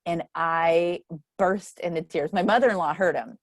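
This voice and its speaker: A woman's voice: fairly low pitch, moderate pace, no room sound, studio quality. A middle-aged woman leading a book club, chatting casually and laughing often as she tells stories. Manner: chatty, laughs often, acts out quoted voices. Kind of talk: casual group chat.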